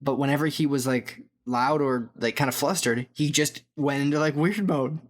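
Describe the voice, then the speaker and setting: A man's voice: medium pitch, normal speed. A young man, co-hosting a podcast and telling a rambling, laugh-filled story. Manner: rambling, laughing often, many restarts. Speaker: podcast co-host. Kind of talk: casual storytelling chat.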